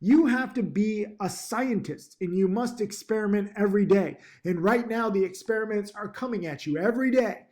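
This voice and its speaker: A man's voice: sits high, normal speed, few pauses, a little mellow. A man who teaches stock trading, talking casually to his laptop with lots of ums and restarts and upbeat, pushy encouragement. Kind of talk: casual talking-to-camera vlog. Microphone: laptop mic.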